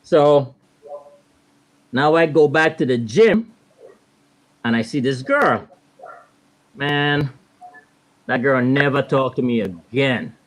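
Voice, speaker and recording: A man in his thirties from the Virgin Islands with a Caribbean accent, telling a laid-back, animated story as a guest on a casual panel. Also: mid-range voice, takes it slowly, pauses often.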